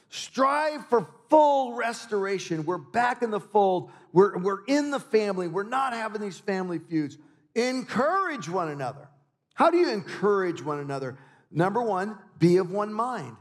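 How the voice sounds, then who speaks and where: Joking preacher with a fairly high voice. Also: male voice, unhurried. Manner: animated, joking storyteller. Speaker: guest preacher. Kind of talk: sermon with personal stories and humor. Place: church sanctuary. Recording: reverberant church hall.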